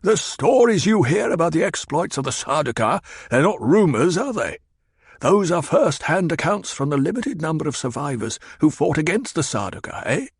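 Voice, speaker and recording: A man's voice: on the high side, sing-song, normal speed, slightly rough, dry recording, studio quality, pitched above the performer's own voice, heavily acted. A man voicing a shrewd, bitter old spymaster who speaks in a clipped, coldly insistent way. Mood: cutting.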